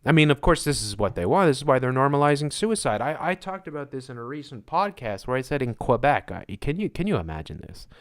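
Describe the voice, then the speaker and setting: A man's voice: mid-range voice, very animated, quick pace, few pauses. A man hosting his own podcast, delivering a sarcastic, mocking opinion monologue and laughing at his own jokes. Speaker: podcast host.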